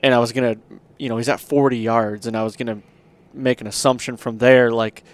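A man's voice: medium pitch, steady tone, brisk, dry recording. A man hosting a podcast, telling a long hunting story in a rambling, casual way with lots of fillers. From Michigan. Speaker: podcast host.

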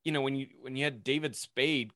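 Bright, dry-voiced man telling stories. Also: medium pitch, fairly quick, dry recording. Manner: relaxed storytelling with filler words. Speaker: podcast guest. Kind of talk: casual podcast chat.

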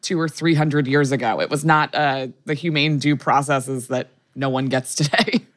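A woman's voice: sits low, steady tone, normal speed. A woman co-hosting a podcast who mostly gives short agreeing replies and adds wry comments in casual chat. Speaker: podcast co-host.

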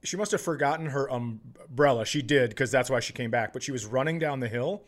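A man's voice: medium pitch, fairly quick. A man hosting a podcast, chatting casually and telling a profane story while acting out quotes. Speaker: podcast host.

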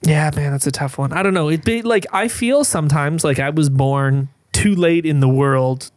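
A man's voice: on the high side, normal speed, dry recording, clean studio sound. A man, a podcast guest, talking casually in a rambling, earnest way with lots of fillers. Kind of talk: casual chat.

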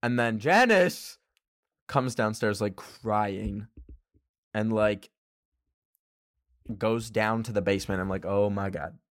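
A young man from Canada casually telling a personal story, animated, laughing often and swearing casually. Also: fairly low pitch, takes it slowly, pauses often, no room sound, clean studio sound. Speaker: vlogger.

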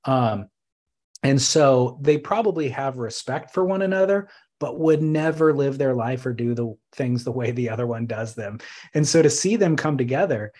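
A man co-hosting a casual podcast, telling stories in an animated, thoughtful way with bursts of emphasis. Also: medium pitch. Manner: animated, thoughtful storytelling with sudden bursts of laughter-tinged emphasis. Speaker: podcast co-host.

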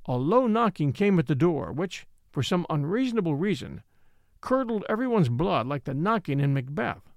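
A man's voice: on the high side, very animated, moderate pace, no room sound, studio quality. A man reading a classic mystery aloud as an audiobook narrator, shifting his voice for each character.

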